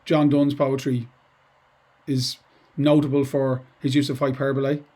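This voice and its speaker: A mellow, medium-pitched male voice with little pitch movement and a slightly slow delivery. He's a middle-aged English teacher giving students a casual, digressive poetry lesson marked by asides and restarts.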